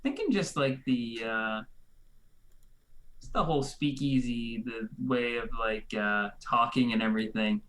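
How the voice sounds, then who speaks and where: A man's voice: mid-range voice, unhurried, a bit bright. A man chatting as a guest on a live stream, rambling and hesitant and full of fillers. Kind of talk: casual streamed chat.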